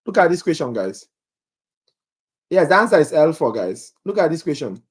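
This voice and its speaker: A man's voice: on the high side, sing-song, moderate pace, husky. A man runs a live exam-prep review for nursing students, reading questions and answer options aloud. He quizzes his viewers and jokes about his own accent.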